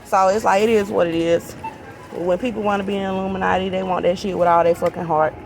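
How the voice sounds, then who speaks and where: A woman's voice: medium pitch, level tone, fast, gravelly, over music. A woman in an agitated, rambling monologue to camera, profane and repeating herself. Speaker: vlogger. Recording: noisy background ambience.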